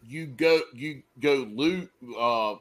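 A man hosting a casual chat, joking loudly and swearing freely. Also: medium pitch, slow. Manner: loud, joking, profane.

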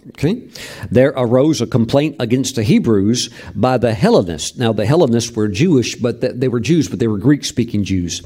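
A man's voice: medium pitch, dark tone. A male pastor teaching from scripture in a conversational, emphatic sermon style.

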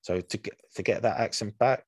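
A man's voice: lowish voice, fairly quick, a little mellow, slightly rough, no echo. A man co-hosting a podcast in casual chat, rambling and hesitant, full of fillers and restarts. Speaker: podcast co-host.

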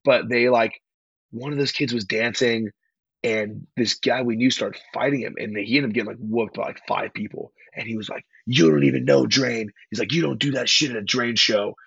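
A young man, a hardcore band singer from California, telling stories in a rambling, slangy, excitable way as a podcast guest. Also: medium pitch, moderate pace, gravelly, breathy edge, no echo, muffled recording. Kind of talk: casual interview chat.

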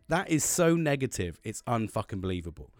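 A man talking straight to camera in a casual motivational style. He rambles and restarts, swears freely, and sounds earnest. His voice sits at a middling pitch with a dry, close sound. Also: sing-song, moderate pace, no room sound.

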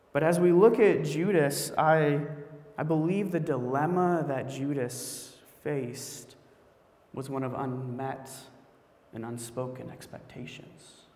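A male pastor preaching a sermon in a conversational, storytelling way, with animated asides. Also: on the high side. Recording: echoey hall with long reverb.

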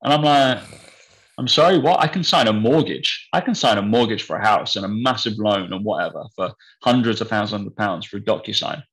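A man's voice: on the low side, a little fast, a bit bright, low-quality recording. A young man chatting casually on a podcast, telling a story bluntly and swearing freely. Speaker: podcast co-host. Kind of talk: casual chat.

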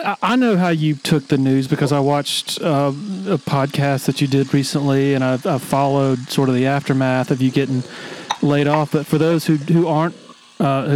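Brief: male interviewer, mid pitch, halting questions, faint noise behind. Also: darkish tone. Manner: halting, repeats words while framing questions.

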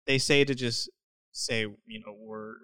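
A man's voice: mid-range voice, a little slow, no echo. A young man telling a story in casual chat, laughing often and acting out what people said. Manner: animated, laughing often, acts out quotes.

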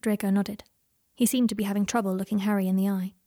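A woman reading a story aloud in a soft-spoken way that often drops into whispers. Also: medium pitch, fairly even intonation, quick pace, no room sound, clean studio sound. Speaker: reader. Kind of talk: reading fan fiction aloud.

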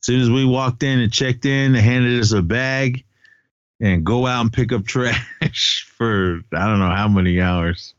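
A man's voice: medium pitch, measured pace, smooth, no echo, muffled recording. A man co-hosting a podcast, chatting casually about a movie and his school days, rambling and laughing often. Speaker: podcast co-host.

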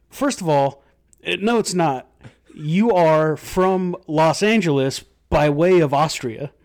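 A man in casual podcast chat about a movie, sarcastic and quick with jokes. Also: on the high side, lively intonation, a little mellow.

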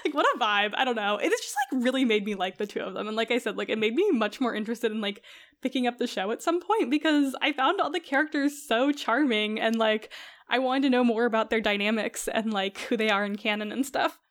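A woman co-hosting a podcast in casual chat, relaxed and self-deprecating. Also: fairly high pitch, fairly quick. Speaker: podcast co-host.

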